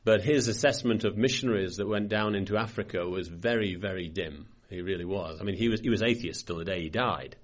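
A man's voice: low voice, brisk, few pauses. An older man giving a Bible study sermon, reading scripture aloud with rising emphasis and then commenting in a loose, conversational way with restarts. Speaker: preacher.

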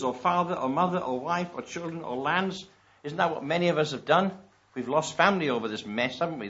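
A man preaching a sermon. He reads scripture slowly and with emphasis and asks the congregation rhetorical questions. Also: medium pitch, fairly bright tone. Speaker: pastor. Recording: dull lo-fi recording.

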